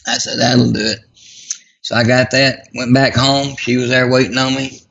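A man telling a personal story in a folksy, self-deprecating way, with a gravelly voice. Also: mid-range voice, flat delivery, normal speed, fairly bright tone, lo-fi sound. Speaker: guest.

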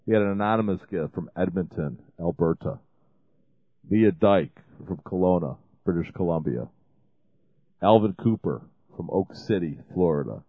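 A man's voice: low voice, expressive, moderate pace, dry recording. A man hosting a ministry show, making a rambling fundraising appeal full of restarts and fillers. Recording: dry, phone-like lo-fi sound.

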